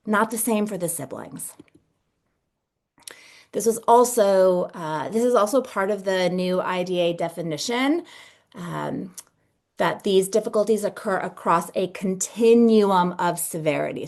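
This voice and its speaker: Woman explaining reading strategies in a webinar. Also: medium pitch. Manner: explanatory, chatty teaching with fillers. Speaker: literacy consultant and dyslexia tutor. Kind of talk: webinar presentation. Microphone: video call mic.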